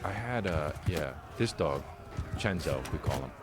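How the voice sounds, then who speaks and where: A comedian with a very deep voice speaks at a measured pace in casual chat. He tells a story animatedly, swearing freely throughout.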